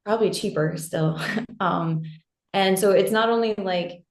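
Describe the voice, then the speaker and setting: A woman with an American accent from New Hampshire, a guest talking casually and warmly on a video call, laughing easily with many ums. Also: mid-range voice, unhurried, roomy sound. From New Hampshire, USA. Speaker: guest, fitness coach. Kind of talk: casual interview chat.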